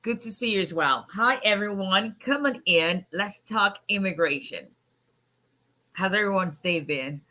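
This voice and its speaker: A hoarse woman immigration attorney on a casual livestream, chatting and greeting viewers by name. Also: mid-range voice, lively intonation, measured pace, bright, forceful tone. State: hoarse, voice nearly gone.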